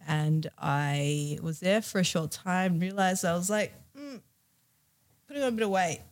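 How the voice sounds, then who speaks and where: A woman's voice: on the low side, measured pace. A young woman from Australia telling a personal story as a podcast guest, candid and emotional, with many fillers.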